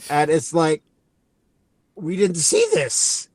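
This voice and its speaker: A man's voice: fairly high pitch, no echo. A man co-hosting a podcast, casually recapping a movie in a rambling way and acting out lines as he goes. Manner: rambling, acts out lines with quick asides. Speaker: podcast co-host.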